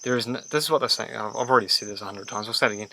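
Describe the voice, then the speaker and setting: A man's voice: fairly low pitch, racing, sharp tone, slight background noise, rough recording. A man giving a commentary, explaining a church statement in plain, conversational words.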